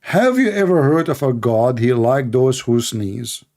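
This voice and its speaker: A man's voice: mid-range voice, sing-song, a little slow, a little mellow. A man giving mocking, exasperated commentary, sarcastic and laughing. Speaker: religious debate commentator.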